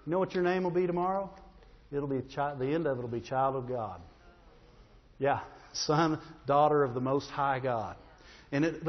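A man preaching a sermon as pastor. He is emphatic and conversational, with joking asides and calls for an "amen" from the congregation. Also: sits high. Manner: emphatic preaching with audience call-outs. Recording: echoey hall, dull lo-fi sound.

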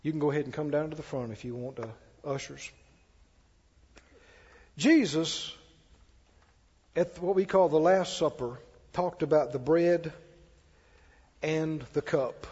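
A man's voice: a little high, unhurried, pauses often, a little mellow, slightly rough. A male pastor preaching a sermon in a folksy, conversational way, with chatty asides. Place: church sanctuary. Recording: dull-toned, echoey church hall.

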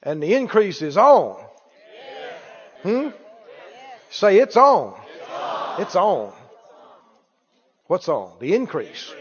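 A man preaching a lively sermon, calling out to the congregation and acting out anxious voices. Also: high voice, takes it slowly, long pauses, slightly rough, a faint crowd. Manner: animated, calls for responses, acts out worried voices. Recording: dull echoey hall recording.

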